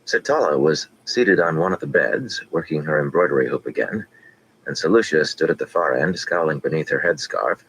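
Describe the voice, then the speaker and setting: A man narrating a fantasy audiobook with steady, measured reading. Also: extremely low pitch, a little hiss or hum, rough recording.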